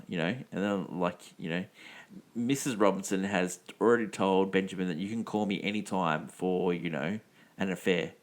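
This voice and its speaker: Male co-host, low voice, chatty and rambling, full of "like" and "yeah". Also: fairly even intonation, normal speed. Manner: rambling retelling, filler-heavy. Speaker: podcast co-host. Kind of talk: casual film chat.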